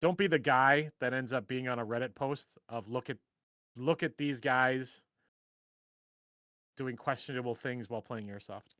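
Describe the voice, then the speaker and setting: A man's voice: mid-range voice, moderate pace, long pauses, a bit bright, dry recording, clean studio sound. A middle-aged man hosting a casual live stream, rambling and joking at his own expense. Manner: rambling, joking, self-deprecating. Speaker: host.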